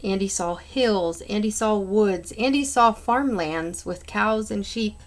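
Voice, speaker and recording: A woman's voice: mid-range voice, slow pace. Home read-aloud: a woman reading children's books, unpolished, with small slips. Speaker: reader.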